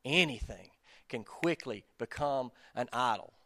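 A man's voice: medium pitch, animated, measured pace, gravelly, pushed and bright, no room sound, studio quality. A man preaching in a casual, conversational style, self-deprecating and speaking straight to the listeners. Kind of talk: conversational sermon.

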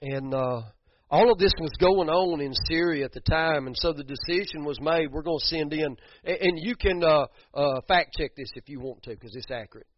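A man's voice: a little high, normal speed, slight background noise. A man preaching a sermon, building to emphatic bursts and repeating words as he goes. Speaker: pastor. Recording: dull muffled sound, dry.

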